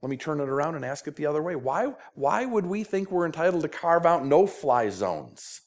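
Pastor with a Minnesota accent, earnest sermon delivery, stumbles and repeats as he pleads; voice sits a bit high. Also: sing-song, moderate pace.

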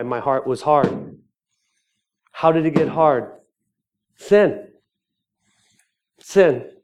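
A middle-aged man giving a sermon testimony, moving from quiet reflection to fast, excited storytelling. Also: mid-range voice.

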